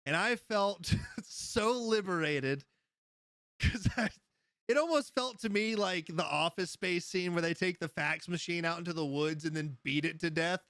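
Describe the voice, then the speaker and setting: Chatting casually on his live stream, a man with a high-pitched, somewhat bright, slightly raised voice takes an unhurried pace. He rambles through stories, laughs a lot, and answers his chat with high energy, and the room sounds dry with no reverb.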